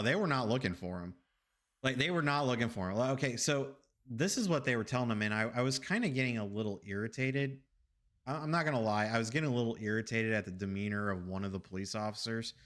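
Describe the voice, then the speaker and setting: A man's voice: lowish voice, a bit bright. A man streaming games, telling a story casually with rambling, profane asides to his chat.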